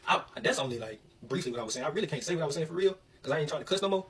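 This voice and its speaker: A young man from Alabama telling a story in an animated, slangy way. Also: a little high, rapid-fire, slightly rough, distant mic, rough recording. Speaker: vlogger. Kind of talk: casual storytelling.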